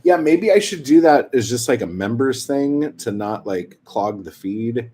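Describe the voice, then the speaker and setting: Husky, profane young man rambling. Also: medium pitch, lively intonation, a little slow, mellow. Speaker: streamer. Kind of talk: casual chat with viewers.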